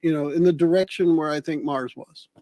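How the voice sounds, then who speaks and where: A man playing in a tabletop game, chatty and quick to laugh as he talks through his moves. His voice sits high for a man, and the recording is dry, close and without room sound. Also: fairly even intonation, mellow, no room sound. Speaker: player. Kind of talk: casual game chat.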